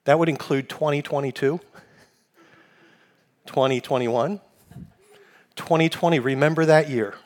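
A man's voice: fairly high pitch, measured pace, long pauses, big-room sound. A male pastor preaching a sermon, asking the congregation questions and having them repeat phrases back. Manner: preaching with call-and-response questions.

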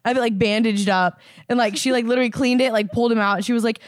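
A woman's voice: on the high side, steady tone, racing, dry recording, clean studio sound. A woman in her twenties from Indiana, chatting casually as a podcast co-host and telling a story with lots of fillers and swearing. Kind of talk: casual chat.

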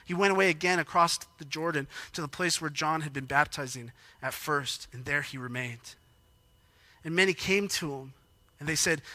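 A man preaching a sermon, emotional and animated, acting out quoted lines with rising intensity. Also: on the high side, moderate pace, no echo. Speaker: pastor.

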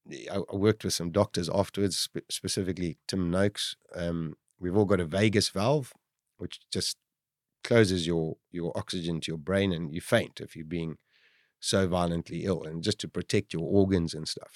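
A middle-aged man recounts his own brush with death in a low-pitched, lively storytelling voice. He builds the tension with vivid detail, and the recording is dry and close with no room sound. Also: no room sound. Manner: vivid, lively retelling, rising to shouts at dramatic moments. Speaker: survivor guest telling his story. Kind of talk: animated first-person storytelling.

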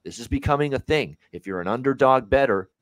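A man's voice: medium pitch, expressive, brisk, dry recording. A man co-hosting a sports betting podcast, ranting in heated, casual talk and swearing freely.

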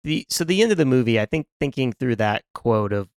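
A man's voice: mid-range voice, lively intonation, brisk, clear, resonant tone, no room sound, studio quality. A man co-hosting a film podcast, reflecting aloud in a casual discussion. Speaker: podcast co-host.

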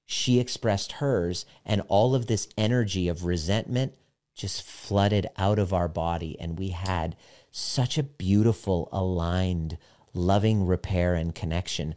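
A man coaching on relationships in a candid, profane monologue, dropping softer when he retells conversations. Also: deep voice. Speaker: personal development coach. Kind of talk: casual monologue.

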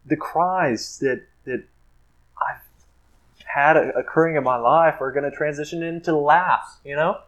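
A man's voice: on the high side, measured pace, fairly bright tone, low-quality recording. A man co-hosting a podcast, talking casually with mock-dramatic, playful complaints. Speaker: podcast co-host. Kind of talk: casual chat.

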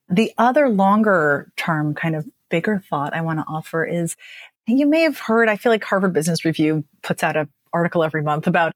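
A woman speaking as a speech and dialect coach, explaining with emphatic, lively phrasing and frequent "right?" checks. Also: lowish voice, no room sound, studio quality. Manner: animated, emphatic, lots of "right?". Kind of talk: podcast interview guest.

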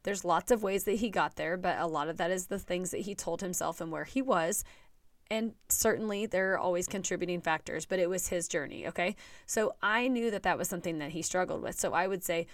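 A woman's voice: fairly low pitch, a little fast, dry recording. A woman coach giving a chatty, earnest motivational talk straight to her viewers.

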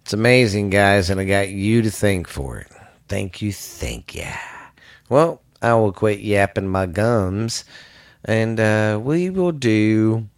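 Loud, laid-back male podcast host. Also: on the low side, slow pace, no echo. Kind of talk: casual podcast sign-off.

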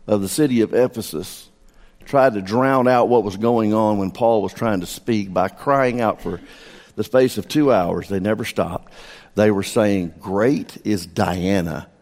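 A man's voice: lowish voice, darkish tone. An older man preaching a sermon as a pastor, earnest and emotional as he leads his congregation in reading scripture. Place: church sanctuary. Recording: long hall reverb.

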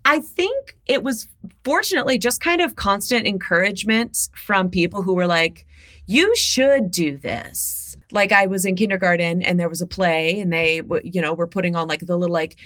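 A woman from Ohio in her thirties, a guest in an interview, chatting casually in an animated, playful way and laughing often. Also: lowish voice, brisk, no echo, clean studio sound. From Ohio, USA.

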